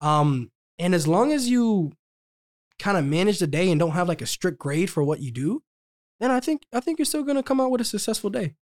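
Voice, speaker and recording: A man's voice: sits high, sing-song, fairly quick, darkish tone. Upbeat young man co-hosting a podcast. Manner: laughing, upbeat, slangy. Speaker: podcast co-host. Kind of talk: casual chat.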